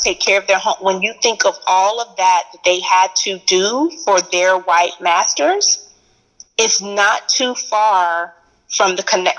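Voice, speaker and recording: A woman with a Texan accent talks in an earnest, emphatic way, repeating key phrases to drive a point home. Her voice sits at an ordinary middle pitch, and the tone is relaxed and conversational. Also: poor audio. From Texas. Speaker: educator, guest. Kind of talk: casual conversation.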